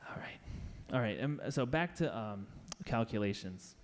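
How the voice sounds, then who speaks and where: A man's voice: on the low side, lively intonation, a little fast, few pauses. A man giving a casual, playful talk to a live audience, chatty and acting out little scenes in voices. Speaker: conference speaker.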